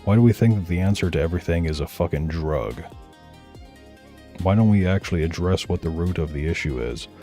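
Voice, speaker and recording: A man's voice: low voice, expressive, fairly quick, dark tone. A man giving blunt, profane, heated commentary while reacting to videos, with faint music behind. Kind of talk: casual ranting commentary.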